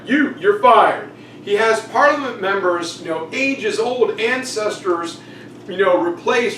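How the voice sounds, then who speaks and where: A man's voice: sits high, fairly bright tone, reverberant, far from the mic, slight background noise, low-quality recording. A man teaching a casual exam review, jokey and chatty, acting out quotes. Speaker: history teacher.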